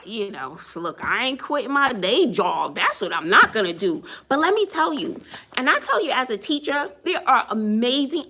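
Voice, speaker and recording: A woman with a rather high, sharp-toned voice, a teacher, chats casually with viewers on a phone livestream. She laughs often and greets people as she tells a story.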